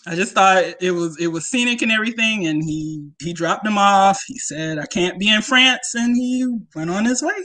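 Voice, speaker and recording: A woman's voice: medium pitch, moderate pace, few pauses, a bit bright. A woman in a casual live-streamed chat, giggly and trailing off, on a video call.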